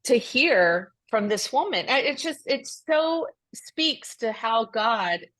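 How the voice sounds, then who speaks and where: A woman's voice: on the high side, expressive, slow, fairly bright tone. Earnest woman telling a story. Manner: earnest storytelling with frequent restarts. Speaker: podcast co-host. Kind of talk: casual faith podcast chat.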